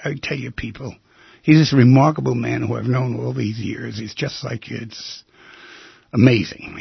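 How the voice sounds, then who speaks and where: A man hosting a radio talk show from a studio, telling a personal story in an emphatic, intimate way that swings between loud and hushed. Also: medium pitch, vocal fry, husky, no room sound, muffled recording.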